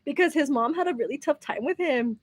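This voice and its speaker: Chatty El woman, bright high voice. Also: a little fast, no room sound. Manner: chatty, mixes Spanish words into English, swears playfully, laughs often. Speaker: beauty vlogger. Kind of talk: chatty get-ready-with-me talk.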